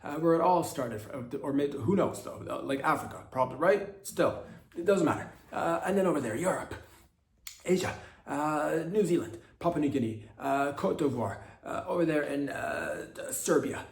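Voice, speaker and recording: A man hosting a comedy podcast, delivering a meandering satirical monologue full of halting restarts and mock-serious asides. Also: on the high side, expressive, creaky. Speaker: podcast host. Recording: roomy echo, mic at a distance.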